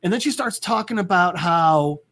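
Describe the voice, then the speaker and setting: A man's voice: high-pitched, lively intonation, moderate pace, fairly bright tone. Rambling man recapping a comic. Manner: rambling, full of "like" and restarts. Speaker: podcast host. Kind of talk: casual comic book recap.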